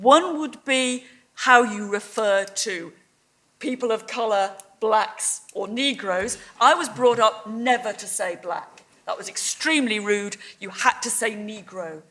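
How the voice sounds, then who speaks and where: A woman's voice: mid-range voice, unhurried, fairly bright tone. A middle-aged woman making a persuasive debate speech in a wry, conversational way. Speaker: debate speaker.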